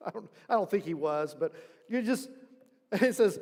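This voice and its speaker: A man preaching a sermon as pastor, telling a story in an animated way and acting out the people he quotes. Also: high voice, moderate pace. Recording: long church hall reverb.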